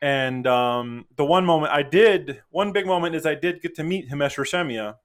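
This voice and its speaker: A man's voice: a little high, moderate pace. A man, a podcast guest, telling a story in casual chat and acting out the voices he quotes. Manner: animated, acts out quoted voices.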